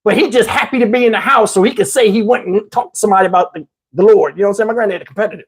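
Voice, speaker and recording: A man casually telling a personal story, animated and slangy, often breaking into laughter, on a lapel mic. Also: high-pitched, racing, breathy edge. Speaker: channel host telling a story. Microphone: wireless lapel mic.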